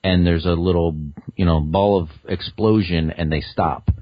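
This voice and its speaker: A man guesting on a casual podcast, enthusiastic and rambling, quick to laugh. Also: sits low, fairly even intonation, dry recording, highs cut off.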